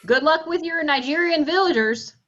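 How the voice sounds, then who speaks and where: A bright-voiced, smug banker brushes off every complaint in a breezy, dismissive tone, read by a woman. Her voice sits a little high, and it comes through muffled video call audio. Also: normal speed. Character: smug fast-talking woman banker selling bonds.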